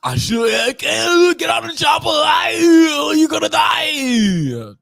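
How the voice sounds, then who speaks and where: A man doing an impression of an action-film strongman, barking drawn-out commands. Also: very high voice, big pitch swings, gravelly, fairly bright tone, no room sound, raised voice, soft background music, pitched above the performer's own voice, exaggerated voice. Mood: shouting.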